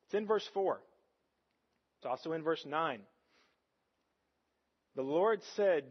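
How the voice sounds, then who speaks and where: High-voiced pastor preaching with rhetorical questions. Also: male voice, lively intonation, slow pace, long pauses, husky, highs cut off. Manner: earnest, asks the congregation frequent rhetorical questions. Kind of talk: sermon.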